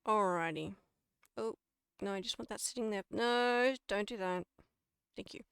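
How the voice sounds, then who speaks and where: Australian woman, casual streamer-lecturer, smooth voice, dry close sound, self-correcting. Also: medium pitch, moderate pace, no echo. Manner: chatty, laughs at herself and corrects slips.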